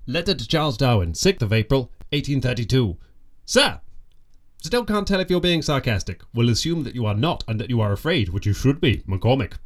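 A man's voice: mid-range voice, big pitch swings, a little fast. A man playing a pompous, petty ship's naturalist who reads out stiff, self-important letters and diary entries in a comic audio drama.

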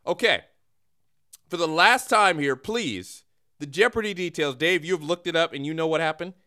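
A man's voice: on the high side, lively intonation, moderate pace, sharp tone. A man co-hosting a comedic podcast in a casual chat, sounding exasperated as he tries to keep the show on track. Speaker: podcast co-host.

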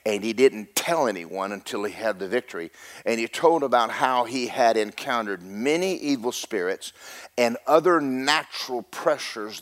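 A middle-aged man preaching a sermon as pastor, rising to a loud rhythmic peak and slipping in joking asides to the congregation. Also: fairly low pitch.

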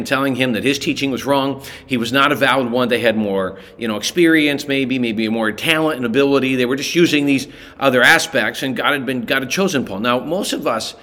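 A man teaching a relaxed daily Bible study, talking conversationally and often stopping to correct himself. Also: medium pitch.

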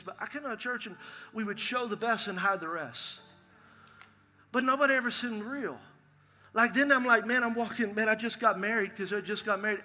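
A middle-aged male pastor, preaching a lively, joking sermon in a large church. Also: high-pitched. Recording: long hall reverb from a live sanctuary.

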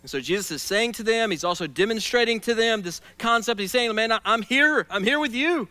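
A man preaching a sermon, telling stories in a playful, animated way and acting out the scenes he describes. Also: high-pitched, a little fast, dry recording. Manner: animated, playful storyteller who acts out scenes. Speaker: pastor.

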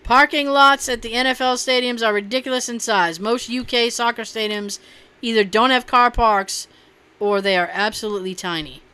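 A woman with a high, bright, crisp voice chats casually and reads posts aloud. She swears freely and keeps the tone loose and joking. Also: normal speed. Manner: profane, laughing, loose and joking.

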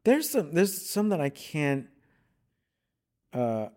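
A man's voice: fairly high pitch, big pitch swings, slow pace, a little mellow. A man chatting casually as a guest, rambling a little and slipping into playful bits of accents. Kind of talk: casual conversation.

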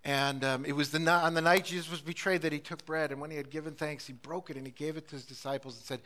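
A middle-aged man preaching a sermon as a pastor, impassioned, swinging between loud urgency and hushed, intimate passages. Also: on the high side, fairly even intonation, fast, hardly any pauses.

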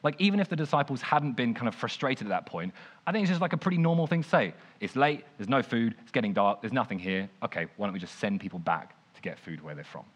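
Animated young preacher. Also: male voice, medium pitch, fast talker. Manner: animated, conversational, frequent "like". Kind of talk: informal sermon storytelling.

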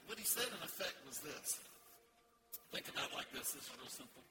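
A man's voice: on the high side, animated, fairly quick, echoey room, long reverb tail, over music. A male pastor preaching a sermon in a church, asking the congregation questions and answering them with emphasis. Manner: emphatic call-and-response preaching. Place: church sanctuary.

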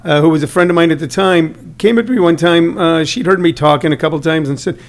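High gravelly comedian telling stories. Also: male voice, quick pace. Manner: animated storyteller, acts out quotes. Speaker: comedian and comedy workshop teacher. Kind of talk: casual chat.

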